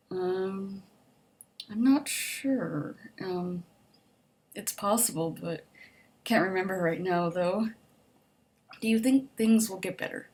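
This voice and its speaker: A woman's voice: medium pitch, darkish tone. A young adult woman casually reading survey questions aloud and answering them in a chatty, upbeat way, with lots of "like" and "um". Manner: chatty, upbeat, optimistic, frequent "like" and "um". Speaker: vlogger.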